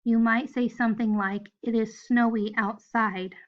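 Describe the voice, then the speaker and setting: Slow, patient woman teaching first graders. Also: a little high, steady tone, lo-fi sound. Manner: slow, patient, spells out letters one by one. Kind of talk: recorded phonics lesson for children.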